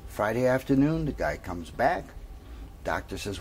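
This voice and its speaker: A man's voice: on the low side, very animated, slight background noise. Man telling a joke. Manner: casual storytelling, drawn-out pauses. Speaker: comedian.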